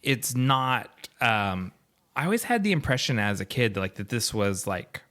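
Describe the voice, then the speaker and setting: A man co-hosting a podcast, chatting casually about a film in a relaxed way, chuckling now and then and thinking aloud. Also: medium pitch, a little slow. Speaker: podcast co-host.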